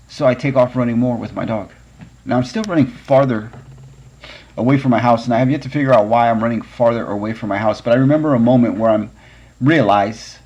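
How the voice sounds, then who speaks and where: A man's voice: medium pitch, brisk, darkish tone, husky, muffled recording. A man hosting a podcast, telling a personal story in an earnest, conversational way. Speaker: podcast host.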